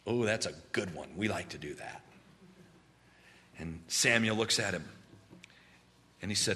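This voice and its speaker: Emphatic preacher with a bright, ringing voice. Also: male voice, low-pitched. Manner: emphatic, drawn-out preaching with repeated phrases. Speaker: pastor. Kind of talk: sermon. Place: church.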